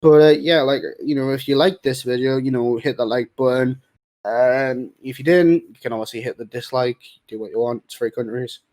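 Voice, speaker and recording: A young man hosting a casual call, narrating a silly story in a goofy way with sudden bursts of yelling. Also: medium pitch, moderate pace. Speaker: host.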